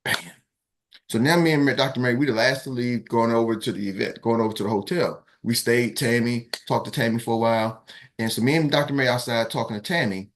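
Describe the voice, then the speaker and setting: A man, a team coach telling a lively story on a morning call, acting out quotes in raised voices. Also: mid-range voice, quick pace, slight background noise.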